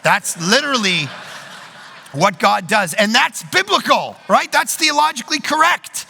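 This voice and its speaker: A man preaching at a conference in a large hall, telling quick, joking, self-deprecating stories. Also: very high voice, animated, vocal fry, bright, forceful tone, breathy edge. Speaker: pastor. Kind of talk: conference sermon. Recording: long hall reverb.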